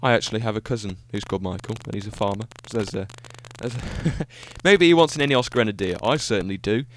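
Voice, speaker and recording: Guy doing a solo podcast, excited and chatty, fixes his own words a lot, light hiss behind. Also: fairly low pitch, quick pace. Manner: enthusiastic, rambling, self-correcting. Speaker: podcast host. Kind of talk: solo casual podcast monologue.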